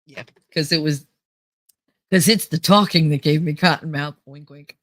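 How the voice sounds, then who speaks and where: A woman's voice: sits low, moderate pace, no echo. Woman with a Jersey accent, laughing. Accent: New Jersey. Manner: laughs often, rambling and candid. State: stuffy nose, sounds nasal. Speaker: livestreamer. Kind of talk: casual chat.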